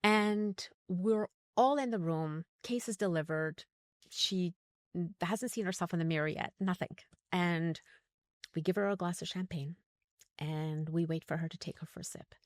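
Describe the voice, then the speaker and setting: Older lady guest on a podcast, low-ish voice, animated storyteller, dry close sound. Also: unhurried, no echo. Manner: animated, acts out quotes with pitch leaps. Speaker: podcast guest, dental implant educator. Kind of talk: conversational storytelling.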